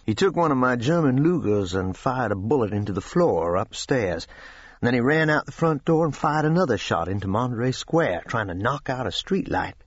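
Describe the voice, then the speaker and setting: A man voicing a calm, controlled gentleman who tells stories with dry amusement. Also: medium pitch, moderate pace, husky, no room sound, highs cut off. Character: calm, genteel older Southern gentleman storyteller.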